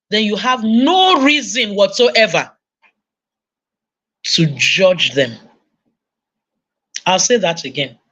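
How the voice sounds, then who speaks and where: Nigerian woman preacher, lively storyteller, parenting sermon. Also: on the high side. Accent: Nigerian English. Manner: animated storytelling, acting out voices. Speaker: conference speaker. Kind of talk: sermon-style parenting talk.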